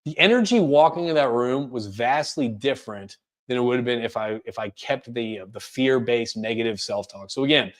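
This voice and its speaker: A man presenting a career coaching webinar, speaking rapidly and energetically with frequent fillers and restarts. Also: medium pitch. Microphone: webinar microphone.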